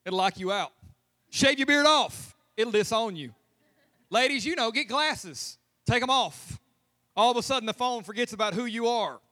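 A man's voice: very high-pitched, expressive, moderate pace, bright, forceful tone. A man preaching a humorous, conversational sermon as pastor in a church. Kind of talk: lively sermon. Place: church sanctuary.

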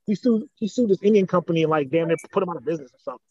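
A man co-hosting a podcast in casual chat, riffing in a rapid, rambling, profane way with street slang. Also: on the high side, lively intonation, a little mellow, dry recording, lo-fi sound. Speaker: podcast co-host.

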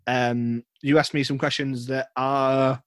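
Podcast host, playful and loose, mid-pitched, dry close sound. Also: male voice, flat delivery, slow, no room sound. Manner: playful, bantering, swears casually. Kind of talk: casual chat.

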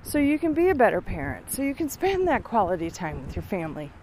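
A woman's voice: mid-range voice, sing-song, quick pace, darkish tone, a little hiss or hum. A middle-aged woman thinking aloud with many fillers while on a walk outdoors, a little out of breath. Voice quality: weak lungs from years of smoking. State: out of breath from walking uphill. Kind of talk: casual walking vlog monologue.

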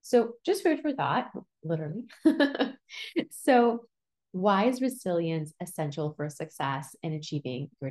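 A woman's voice: lowish voice, darkish tone. A young woman hosting a solo personal-growth podcast, talking in a casual, reassuring way with lots of "like" fillers. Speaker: podcast host.

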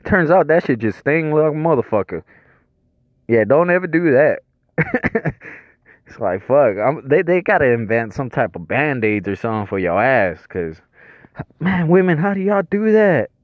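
A man with a somewhat high voice tells a crude, rambling comic story, swearing freely and chuckling as he goes. The recording is dull and lo-fi, with a dry, close sound and no room echo. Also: sing-song, normal speed. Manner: profane, rambling, chuckles between lines.

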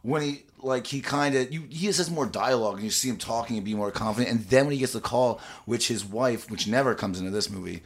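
A man's voice: medium pitch, quick pace, hardly any pauses. A man co-hosting a podcast, chatting casually about a movie, blunt and critical, cracking jokes. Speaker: podcast co-host. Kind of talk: casual movie-review chat.

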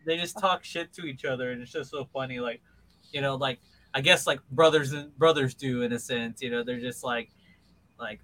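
Bright-voiced man chatting casually. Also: mid-range voice, normal speed, poor audio. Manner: rambling, animated retelling of scenes. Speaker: podcast co-host. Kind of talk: casual chat.

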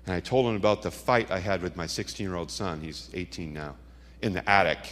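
A man's voice: low voice, brisk, fairly bright tone. A middle-aged man giving a dramatic testimony sermon, telling stories with punchy asides. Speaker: Christian speaker. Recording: long hall reverb.

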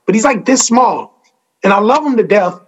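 Guy doing standup, high and bouncy voice, jokes about himself. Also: normal speed, husky. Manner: animated, self-mocking storytelling. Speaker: stand-up comedian. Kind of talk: stand-up set.

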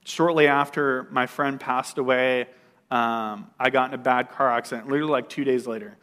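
At a moderate pace, a man with a medium-pitched, slightly bright voice and fairly even intonation tells his personal testimony casually. He uses fillers, restarts sentences, and now and then laughs at himself.

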